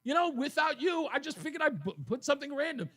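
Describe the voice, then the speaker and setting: Animated high-voiced male radio host. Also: fast. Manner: animated storyteller, laughs at his own jokes. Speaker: radio talk show host. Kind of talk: talk radio storytelling. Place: radio studio.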